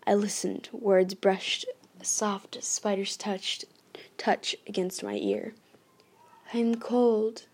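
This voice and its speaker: A woman narrates a first-person ghost story at a middling pitch, her voice carrying a gravelly fry. She reads steadily but often stumbles, restarts phrases and corrects herself as she goes. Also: level tone, slow, in a whisper. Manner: reading with frequent restarts and self-corrections. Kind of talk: first-person novel read aloud.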